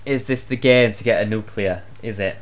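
A man's voice: on the low side, normal speed, slight background noise. A young man giving gameplay commentary, swearing often and breaking into exasperated outbursts. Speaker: gaming channel host.

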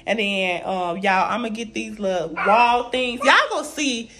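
A woman's voice: mid-range voice, moderate pace, slight background noise. Chatty woman giving a home tour. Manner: chatty, keeps addressing viewers as y'all. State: tired and emotional. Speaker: vlogger. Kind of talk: casual home tour vlog. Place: new apartment and building common areas, indoors.

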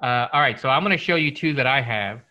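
A man's voice: mid-range voice, fast talker, sharp tone, rough recording. A man hosting a podcast, chatting and joking loosely while tasting whiskey, with many fillers and restarts. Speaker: podcast host. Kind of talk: casual chat over whiskey tasting.

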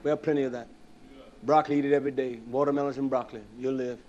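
A man preaching a sermon, swinging from low murmurs to raised, fervent passages and asking the listeners rhetorical questions. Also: little pitch movement, a little mellow, dull audio. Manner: rhetorical questions, drawn-out emphatic words.

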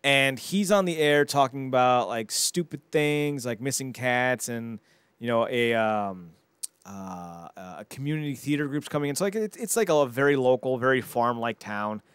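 A man in a casual podcast chat, his middle-pitched voice recorded close and dry with no room sound. He tells a film's plot with animated, mocking energy and keeps tripping over repeated words. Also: moderate pace, clean tone, dry recording. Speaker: podcast co-host.

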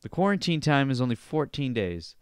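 A man's voice: medium pitch, very animated, a little fast, smooth, no room sound. A young man hosting a solo podcast, ranting casually with plenty of swearing and sarcasm. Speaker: podcast host.

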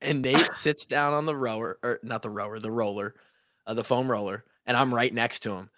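A young man from Iowa, a former player co-hosting a podcast, tells a story in a lively, swearing, casual way and acts out the quotes. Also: mid-range voice, a little fast, no room sound, clean studio sound.

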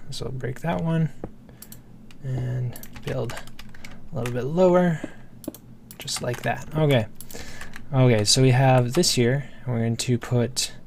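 A man's voice: mid-range voice, takes it slowly, vocal fry, a little mellow, slight background noise. A man giving casual let's play commentary, thinking aloud as he builds and rambling with many fillers. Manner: casual, self-talking while building. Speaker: gameplay host.

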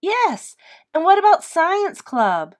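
A woman reading a storybook aloud and voicing a ten-year-old boy who whines loudly and pleads, pushing her voice high. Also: sing-song, slow, exaggerated voice. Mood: upset pleading. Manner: high, loud and whiny.

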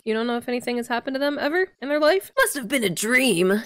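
A woman's voice: a little high, big pitch swings, fast, few pauses. Playful, sarcastic woman streamer. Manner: playful, sarcastic, swears freely. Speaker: video game streamer. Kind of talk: casual gameplay commentary. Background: faint game music.

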